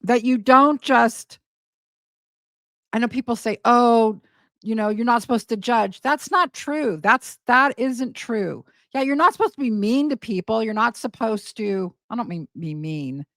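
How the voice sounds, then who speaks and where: A woman's voice: fairly high pitch, lively intonation, unhurried, fairly bright tone, no echo. A woman hosting a casual commentary video, emphatic and incredulous, hammering points home by repeating words. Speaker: commentary host.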